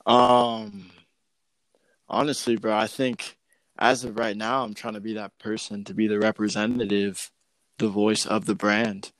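Man, DJ guest, low voice, dry sound, laid-back, hesitant. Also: little pitch movement, a little slow, no echo. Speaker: DJ and podcast guest. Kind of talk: casual conversation.

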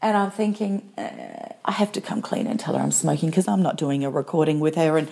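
A woman's voice: low-pitched, fast, vocal fry, warm tone, breathy edge. A middle-aged woman co-hosting a podcast in casual, frank chat, stressing her points and acting out what others say. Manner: frank, emphatic, acts out quoted voices. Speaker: podcast co-host.

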